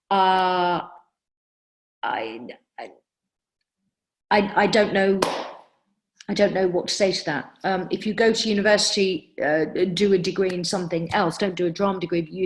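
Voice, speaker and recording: A middle-aged woman, an acting practitioner, giving direct, emphatic career advice on a webinar and answering questions with frequent ums. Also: fairly low pitch. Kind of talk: webinar Q&A talk.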